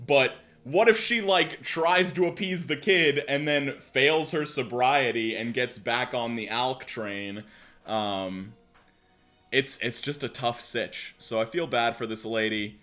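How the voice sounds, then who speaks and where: Young male streamer, casual and slangy, swings his pitch around a lot, light music underneath. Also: slow. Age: 20s. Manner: slangy, animated, swears casually. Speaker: livestream host reading forum posts. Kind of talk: casual live-stream chat.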